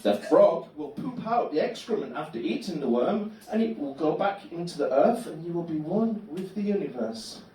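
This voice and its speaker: A man's voice: fairly high pitch, expressive, moderate pace, few pauses, mellow, lightly acted. A man voicing a relentlessly cheerful male Buddhist monk friend who brushes off every woe in an upbeat, chirpy way, heard in an echoey room. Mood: serenely cheerful. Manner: chirpy, upbeat, dismissive of woes. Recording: echoey club room from a distant mic.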